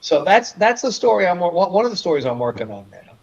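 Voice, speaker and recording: Profane, animated New man. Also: high voice, quick pace, vocal fry. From New York. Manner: profane, blunt, heated. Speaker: journalist guest. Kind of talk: casual stream chat. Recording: dull lo-fi audio.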